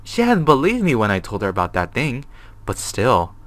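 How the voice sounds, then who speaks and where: A man's voice: mid-range voice, huge pitch swings, normal speed, fairly bright tone. A man reading as a frightened ex-tenant in a put-on accent. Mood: fearful. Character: frightened guilt-ridden male former tenant. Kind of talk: reading game text aloud.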